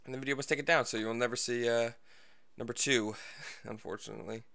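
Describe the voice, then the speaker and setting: A man's voice: medium pitch, fairly even intonation, quick pace, vocal fry, pushed and bright. A man livestreaming a football video game, rambling casually with many fillers and a little out of breath. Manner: rambling, lots of fillers, self-deprecating. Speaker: gaming livestreamer. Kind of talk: casual gameplay livestream talk.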